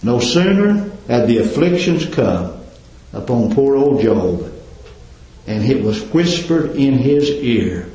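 A male preacher delivering a fervent sermon, climbing loud and then dropping to a hush. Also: sing-song, slow pace. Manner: fervent, swinging between loud climbs and low hushed drops. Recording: very echoey, dull lo-fi church recording.

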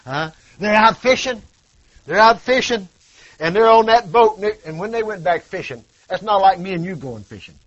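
Impassioned high-voiced preacher man. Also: lively intonation, moderate pace. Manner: impassioned, swinging from loud cries to hushed tones; rhetorical questions and repetition. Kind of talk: sermon. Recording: dull lo-fi recording.

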